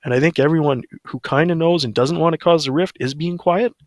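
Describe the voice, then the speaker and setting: A man's voice: fairly high pitch, brisk, dry recording, studio quality. A man telling a story on a livestream, profane, blunt and ranting.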